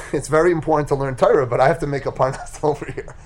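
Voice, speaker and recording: A man's voice: on the high side, fast talker, natural voice. A man voicing a practical, businesslike male water seller who insists on payment in a told story. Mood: matter-of-fact. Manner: matter-of-fact, businesslike.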